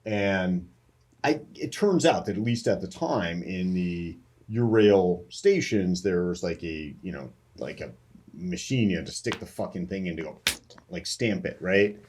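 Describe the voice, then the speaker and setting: A man co-hosting a podcast, telling a profane, animated anecdote in casual chat. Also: low-pitched, a little slow. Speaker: podcast co-host.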